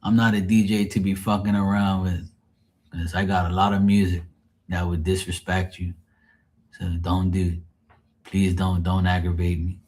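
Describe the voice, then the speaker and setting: Deep-voiced man rambling on a livestream. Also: little pitch movement, normal speed, darkish tone. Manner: rambling, profane, joking. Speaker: livestream host. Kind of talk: casual livestream chat.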